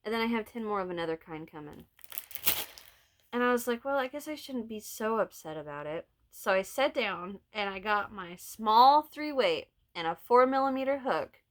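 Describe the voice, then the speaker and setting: A woman's voice: medium pitch, animated, moderate pace. A middle-aged woman with a Southern Illinois accent chatting casually about her crochet projects, telling stories and laughing often. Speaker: vlog host, crocheter. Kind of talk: casual chat.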